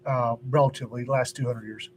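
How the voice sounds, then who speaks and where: A man's voice: mid-range voice, steady tone, brisk, slight background noise. Grouchy older man in loose chat. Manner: grumpy, swears offhandedly, hesitant with many ums. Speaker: podcast co-host. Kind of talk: casual chat.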